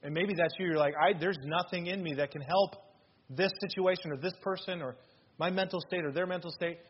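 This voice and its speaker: A man in his thirties preaching a sermon as pastor, earnest and emphatic, with sudden loud bursts. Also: high-pitched, fairly quick, breathy edge, lo-fi sound.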